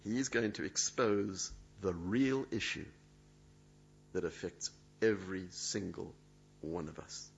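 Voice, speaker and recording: Male preacher, dramatic sermon delivery, lively pitch. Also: slow, gravelly, a little hiss or hum. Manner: emphatic, dramatic, acts out quoted speech. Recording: dull lo-fi sound.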